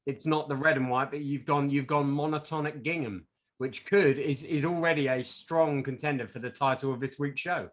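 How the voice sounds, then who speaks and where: A man's voice: mid-range voice, fairly even intonation, moderate pace. Riffing man, playful podcast chat. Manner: riffing, playful, drops into mock voices. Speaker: podcast co-host. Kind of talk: casual chat.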